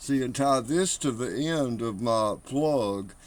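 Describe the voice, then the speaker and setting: A man's voice: medium pitch, slow. A man filming a casual how-to video while working on his truck engine, slightly out of breath and rambling as he points things out. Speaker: home mechanic.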